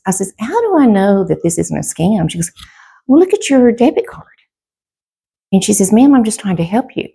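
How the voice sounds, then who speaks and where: Gravelly low-voiced woman telling a story. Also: warm tone. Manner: rambling, full of fillers and quoted back-and-forth. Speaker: vlogger telling a personal story. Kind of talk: casual storytelling to camera.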